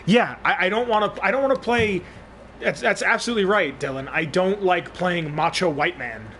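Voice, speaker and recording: Talkative streamer man, slightly high voice. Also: normal speed, fairly bright tone. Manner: rambling, profane, thinks aloud with restarts. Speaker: game streamer. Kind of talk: casual live-stream chat while gaming. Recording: clear background noise.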